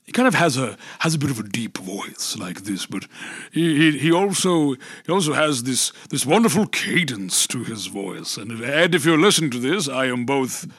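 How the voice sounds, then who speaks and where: A man's voice: a little high, animated, moderate pace, hardly any pauses, fairly bright tone, no room sound, clean studio sound. A man, a voice actor and storyteller, talking reflectively in a casual interview, rambling and restarting his thoughts. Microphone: close podcast microphone.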